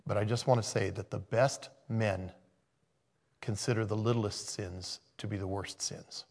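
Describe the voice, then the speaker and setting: A man's voice: lowish voice, fairly even intonation, a little slow, creaky, darkish tone. A man preaching a sermon in a conversational way, thinking aloud and interrupting himself. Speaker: pastor.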